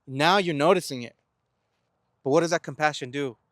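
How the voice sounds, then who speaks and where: Talking straight to the camera, this young man delivers a sincere, thoughtful self-help piece in which he asks himself questions and answers them, tripping over repeated words along the way. His voice is a little high and fairly bright, at normal speed, with clean studio quality and no room sound.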